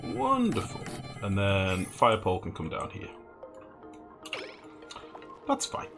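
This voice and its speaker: A man's voice: low voice, slow pace. A man giving casual live commentary while playing a game, thinking aloud, swearing freely and chatting with his viewers. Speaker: gaming streamer. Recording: game music under the voice.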